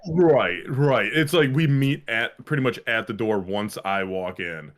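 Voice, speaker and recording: A man's voice: medium pitch, a little slow. A man co-hosting a podcast in casual chat, rambling and swearing with lots of fillers and restarts. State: a little winded. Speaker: podcast co-host.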